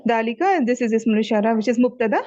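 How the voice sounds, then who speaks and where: A woman, a student answering quickly and tentatively in a grammar lesson and checking her answers her teacher. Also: a little high, animated, darkish tone, no room sound, lo-fi sound.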